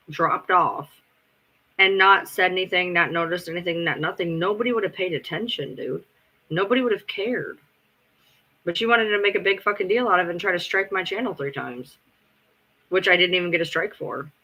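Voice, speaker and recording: Bright-voiced, swearing streamer guy. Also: high voice. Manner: rambling, profane, answers chat. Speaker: live streamer. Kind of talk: casual live-stream chat.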